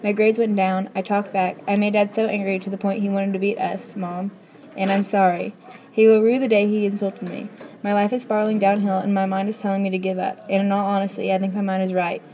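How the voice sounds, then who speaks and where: A woman reading a story aloud in a quick, plain way, with small stumbles now and then. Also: mid-range voice, little pitch movement, dark tone, low-quality recording.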